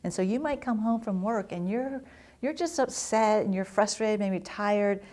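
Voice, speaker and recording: A middle-aged family therapist gives an educational talk to parents in a medium-pitched, dark voice at normal speed. Her delivery is earnest and instructive, and she acts out the things children say.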